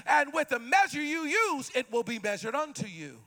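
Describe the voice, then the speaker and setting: A male pastor preaching an impassioned sermon, shouting and calling out to the congregation. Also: very high voice, very animated, normal speed.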